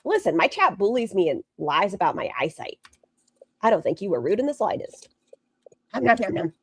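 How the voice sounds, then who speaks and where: A woman's voice: medium pitch, big pitch swings, brisk, slightly rough. A woman streaming live, chatting casually, swearing freely and answering her chat while reacting to a video. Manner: chatty, profane, reads chat aloud.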